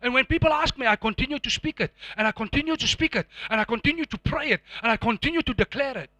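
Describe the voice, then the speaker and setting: A man's voice: very high voice, fast talker, bright, forceful tone, no room sound. A middle-aged man preaching a sermon to a congregation, emphatic and repetitive, with call-and-response prompts. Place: church before a live congregation.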